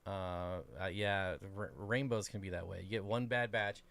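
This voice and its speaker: A man's voice: deep voice, moderate pace, clear, resonant tone. A man co-hosting an aquarium livestream, rambling casually with many fillers. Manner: relaxed, rambling, lots of fillers.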